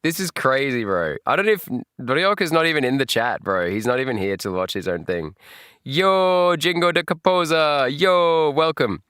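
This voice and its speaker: An Australian man chatting on a live reaction stream, jokey and animated and laughing often. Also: on the high side, moderate pace, smooth, no echo, clean studio sound.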